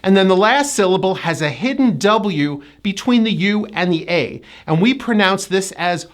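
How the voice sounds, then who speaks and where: A woman's voice: medium pitch, animated, a little hiss or hum. A woman with an American accent teaching pronunciation, drawing out each sound and repeating words carefully. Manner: slow, exaggerated enunciation with drilled repetitions. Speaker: pronunciation coach. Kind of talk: pronunciation lesson.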